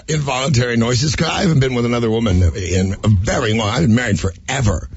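A man's voice: mid-range voice, fast. A married man co-hosting a radio show, telling a story with lots of laughter. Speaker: radio co-host. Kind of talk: casual radio banter. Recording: dull lo-fi broadcast audio with faint hiss.

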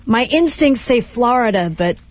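A woman's voice: on the high side, lively intonation, normal speed. A woman co-hosting a talk show, thinking aloud in a hesitant way. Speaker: show co-host. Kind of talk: casual talk show banter.

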